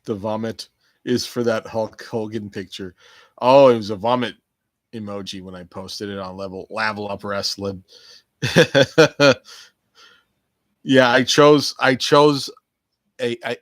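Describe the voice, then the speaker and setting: In a dry recording, a podcast host with a fairly low, somewhat bright voice chats on his own show. He's profane and jokey, wandering off on tangents while talking to imaginary listeners.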